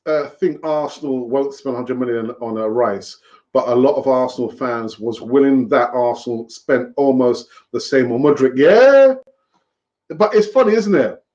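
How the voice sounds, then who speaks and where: A man's voice: mid-range voice, moderate pace, a little mellow. A man hosting a fan live stream, talking in a rambling, chatty way with fillers and laughs, over lo-fi stream audio. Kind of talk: casual live-stream chat.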